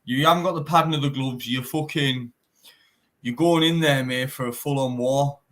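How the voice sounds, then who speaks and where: Medium in pitch and fairly bright in tone, this young man moves at a moderate pace. He's a bare knuckle fighter from England with a Teesside accent, and in this casual interview he's blunt, swears frequently and says "mate" nearly every sentence.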